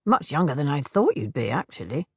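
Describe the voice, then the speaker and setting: A woman's voice: deep voice, sing-song, brisk, husky, dry recording, studio quality, voice pushed down, exaggerated voice. Woman putting on a chattering eccentric hag. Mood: breezy. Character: odd, brisk female hag, eccentric and talkative.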